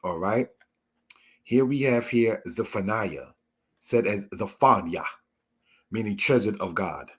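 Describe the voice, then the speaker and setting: A man teaching a Torah lesson, explaining word meanings in a measured way and addressing his listeners as brothers and sisters. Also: on the low side, husky. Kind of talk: slow spoken Bible lesson.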